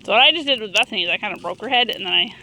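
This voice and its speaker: Young woman, casual family vlog, outdoors, handheld camera, excitable, bright tone, faint background noise. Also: medium pitch, racing. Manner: chatty and excitable, cheering on small children. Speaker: vlog host and mother. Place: outdoors in the snow, backyard sledding hill.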